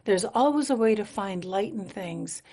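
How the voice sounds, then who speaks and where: Woman, from Manitoba, Canada, singer-songwriter, radio interview guest, earnest, reflective, mid-pitched voice. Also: expressive, normal speed, dark tone. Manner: earnest, reflective storytelling with easy laughs.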